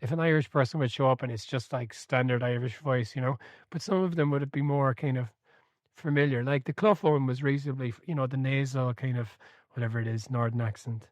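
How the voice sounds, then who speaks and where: A man hosting a book club podcast, chatting casually and telling stories with animated energy, laughing and swearing freely. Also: medium pitch, fairly quick, dry recording.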